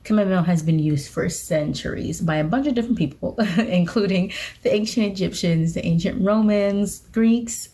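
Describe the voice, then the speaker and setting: Talking casually to the camera, a young witchcraft vlogger films a talking-head video. She has a mellow, slightly low voice and pokes fun at herself, laughing off her own slips.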